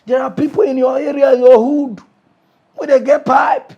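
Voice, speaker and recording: High-voiced Nigerian Pidgin comic. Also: male voice, moderate pace, lo-fi sound. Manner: animated, laughing, swings between shouting and muttering. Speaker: comedian hosting a mock news show.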